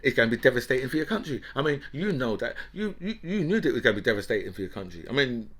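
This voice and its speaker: A man's voice: mid-range voice, big pitch swings, rapid-fire, hardly any pauses, fairly bright tone. A man, hosting an opinionated commentary monologue in a heated, ranting way, often checking in with "right?" and "you know". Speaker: political commentator and host.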